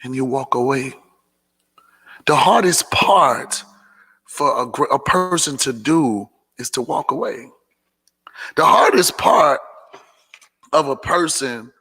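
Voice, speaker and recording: A man's voice: mid-range voice, gravelly, pushed and bright, breathy edge. A man giving casual motivational talk to his followers, preachy and repeating phrases for emphasis. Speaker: motivational vlogger hosting a Q&A. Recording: long hall reverb.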